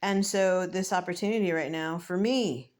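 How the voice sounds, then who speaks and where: A woman in her fifties, a tarot reader, talking through a card reading in a reflective, emotional and rambling way, with many fillers and soft laughs. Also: fairly low pitch, moderate pace. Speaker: tarot reader and spiritual medium. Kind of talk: casual spiritual vlog, tarot reading.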